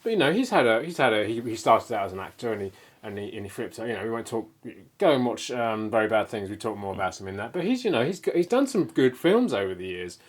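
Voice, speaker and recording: A man's voice: on the low side, big pitch swings, fast talker. A man co-hosting a casual film review chat, rambling with many restarts and fillers. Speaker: film podcast co-host.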